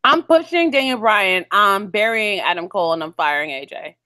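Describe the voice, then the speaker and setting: A woman's voice: medium pitch, expressive, normal speed, bright, forceful tone, dry recording. A woman co-hosting a podcast in casual, playful chat, often laughing as she talks. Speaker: podcast co-host.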